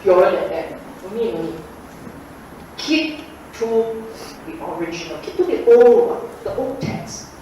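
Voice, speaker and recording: A woman's voice: on the high side, animated, unhurried, pauses often, dark tone, a little hiss or hum. A woman giving a public Dhamma talk, repeating her points emphatically in colloquial phrasing. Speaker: Buddhist Dhamma speaker. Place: lecture hall. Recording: echoey hall recorded from far off.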